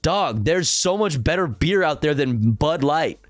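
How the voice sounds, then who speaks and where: A man's voice: a little high, expressive, a little slow, no room sound, soft background music. A man streaming, giving casual reaction commentary in a profane, sarcastic, rambling way full of fillers.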